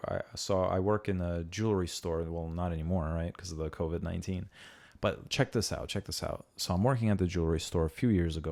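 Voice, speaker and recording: A young man with a very low voice hosts a casual podcast. He rambles through stories, swears freely and acts out what other people said. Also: darkish tone. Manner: rambling storyteller, swearing, acting out quotes. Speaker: podcast host.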